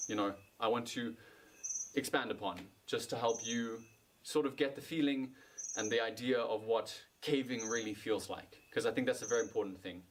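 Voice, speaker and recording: A man's voice: lowish voice, a little hiss or hum, natural voice, poor audio. An actor playing an earnest young man who films a caving diary, talking casually to camera with lots of hesitant fillers. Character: earnest young male caver vlogging his dig. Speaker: caver filming a video diary. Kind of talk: casual vlog talk to camera. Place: outdoors at night by a cave.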